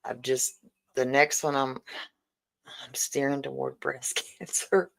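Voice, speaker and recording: Woman in her 40s, livestream host, slow unhurried delivery, emotional and grateful. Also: a bass voice, flat delivery, vocal fry, poor audio. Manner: warm, emotional, repeatedly thanking viewers. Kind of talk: casual livestream fundraiser chat.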